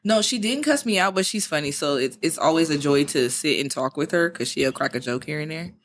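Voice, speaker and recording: A woman's voice: low-pitched, expressive, a little fast. Sassy woman laughing on a podcast. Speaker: podcast co-host. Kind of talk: casual podcast chat.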